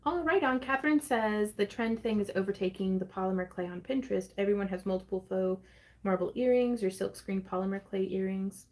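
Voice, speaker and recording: A woman's voice: medium pitch, steady tone, a little fast. A woman hosting a casual crafting livestream from her home craft space, chatting in a bubbly, giggly way and reading viewer comments aloud.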